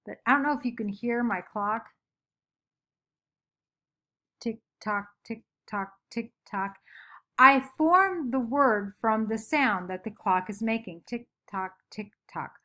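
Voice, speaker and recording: A woman's voice: on the high side, sharp tone. A woman teacher giving a recorded lesson from home, chatty and upbeat, making playful sound effects.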